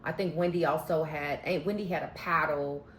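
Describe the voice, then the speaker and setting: A woman's voice: low-pitched, steady tone, normal speed, slight background noise. A woman recapping a reality show in a casual, sassy, slangy way, giving candid opinions. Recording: echoey room.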